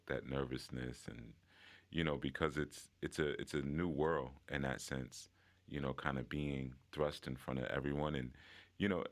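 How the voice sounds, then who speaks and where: Man, extremely low voice, casual group-call sharing, reflective, filler-heavy. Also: fairly bright tone. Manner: reflective, conversational, many fillers and restarts. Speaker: participant in online group call. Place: online audio room.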